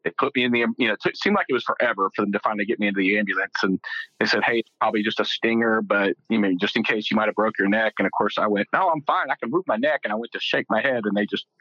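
A man's voice: on the low side, fairly even intonation, rapid-fire, pushed and bright, no echo, muffled recording. A middle-aged man from Texas, a guest telling his story casually, rambling with fillers and joking.

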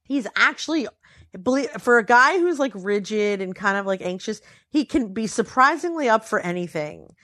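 A woman's voice: moderate pace, no room sound, studio quality. A tired woman telling a story in casual chat, acting out quotes with big swings in her voice. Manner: animated, acts out quotes with pitch swings.

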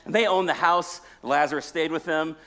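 A man, a pastor, preaching a sermon as a storyteller who jokes with the congregation and swings between loud and hushed delivery. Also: fairly high pitch, moderate pace.

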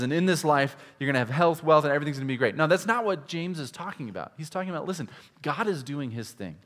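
A male pastor from Iowa preaching a conversational sermon, swinging between loud, emphatic stretches and hushed, low asides. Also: big-room sound. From Iowa, USA. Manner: conversational, with restarts and direct questions to listeners.

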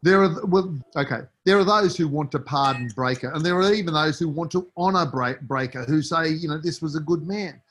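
A man speaks as an interviewed author, his voice sitting a touch high for a man. He talks with force, repeating words and phrases and pushing his points to indignant peaks. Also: a little fast, few pauses, fairly bright tone, slight background noise. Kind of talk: impassioned interview answers.

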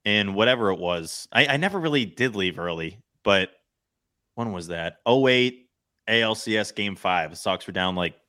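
A man's voice: lowish voice, lively intonation, moderate pace, pushed and bright, no echo, studio quality. A man co-hosting a podcast in casual chat, rambling and interrupting himself, laughing often. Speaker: podcast co-host.

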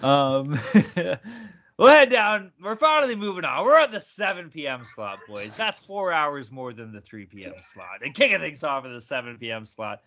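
A man's voice: a little high, big pitch swings, brisk, few pauses, bright, forceful tone. A man hosting a casual sports betting podcast, laughing often and swearing freely. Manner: laughing, profane, upbeat. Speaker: podcast host. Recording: dull lo-fi sound.

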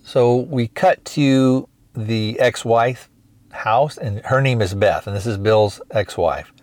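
A man's voice: medium pitch, slow, darkish tone, no room sound. A man hosting a podcast, retelling a film plot in a rambling, hesitant way with many restarts. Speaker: podcast host. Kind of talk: casual movie review recap.

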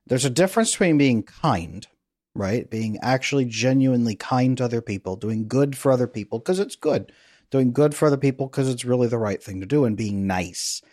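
A middle-aged man, a relationship coach, talking as a podcast guest in a lively, playful, guiding way. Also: mid-range voice, brisk, no room sound, studio quality. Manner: energetic, playful, guides listener through an exercise. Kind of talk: conversational interview.

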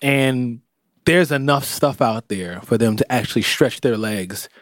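A man co-hosting a podcast, teasing his partner and thinking aloud in an easy chat. His pitch is ordinary and middling. The recording is close and dry, with little room sound. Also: measured pace, no room sound. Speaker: podcast co-host. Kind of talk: casual chat. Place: podcast studio.

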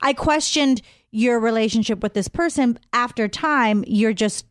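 A woman's voice: fairly high pitch, unhurried, dry recording. A woman co-hosting a radio show, chatting in a friendly way on a studio mic. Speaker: radio co-host. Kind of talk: casual radio chat.

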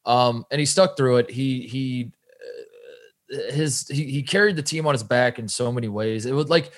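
A man chatting casually on a sports podcast, talking at a middle pitch. He rambles and restarts often, then breaks into excited bursts. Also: moderate pace. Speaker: podcast co-host.

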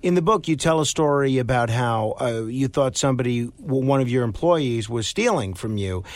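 Podcast host, man, attentive interviewer, hesitant fillers, mid-pitched voice. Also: expressive, moderate pace, no echo. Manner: attentive, short reactions, hesitant fillers when asking. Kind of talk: interview questions.

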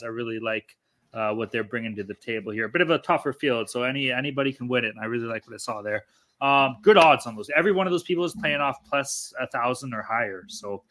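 A man co-hosting a sports betting podcast, talking in a brash, excitable way and swearing freely. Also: mid-range voice. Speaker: podcast co-host.

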